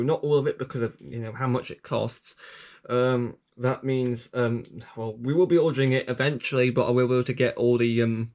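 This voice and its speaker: With a mid-range, slightly mellow voice, the host of his own channel meanders through updates and app reviews. He keeps restarting, correcting himself and making self-mocking side comments.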